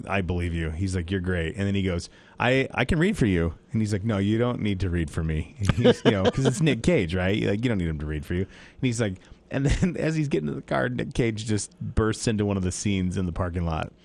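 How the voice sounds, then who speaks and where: A man co-hosting a radio movie show in casual chat, animated and fond of acting out lines from films. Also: fairly low pitch, fairly quick, creaky. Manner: animated, acts out movie lines in bursts of raised voice.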